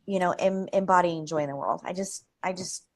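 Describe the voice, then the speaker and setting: Woman guest, lively, rambling delivery, interview setting. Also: lowish voice, a little fast. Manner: energetic, rambling, laughs often. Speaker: creativity expert guest. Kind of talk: live interview conversation.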